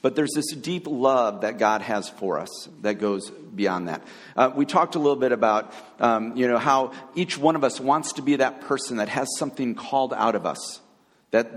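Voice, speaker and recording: A man preaching a conversational sermon as a pastor, pausing often with fillers and restarts. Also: medium pitch, long reverb tail.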